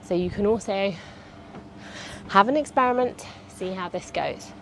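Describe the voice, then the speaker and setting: A woman's voice: medium pitch, measured pace, a bit bright, a little hiss or hum. A woman, a fitness instructor chatting and cueing movements through a workout.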